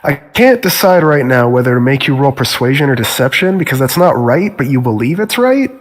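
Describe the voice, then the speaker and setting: A man narrating a tabletop game as game master in a measured, dry manner. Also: mid-range voice, very animated, long reverb tail.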